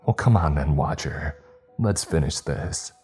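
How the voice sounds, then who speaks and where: A man's voice: a bass voice, expressive, measured pace, darkish tone, faint music behind. A man voicing a taunting inhuman villainess. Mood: defiant. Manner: mocking, spiteful. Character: taunting inhuman female killer leader.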